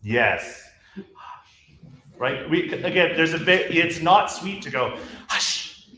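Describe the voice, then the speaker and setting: A man directs a choir rehearsal, his bright, slightly high voice animated as he explains and demonstrates phrasing. The room is roomy and echoey, with a faint hum of ambience behind him. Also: slow pace. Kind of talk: rehearsal instruction.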